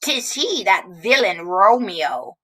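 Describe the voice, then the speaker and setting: A woman's voice: medium pitch, sing-song, slow pace, pushed and bright, dry recording, exaggerated voice, poor audio. A woman reading a hot-tempered young swordsman. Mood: angry. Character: hot-tempered young male noble, furious.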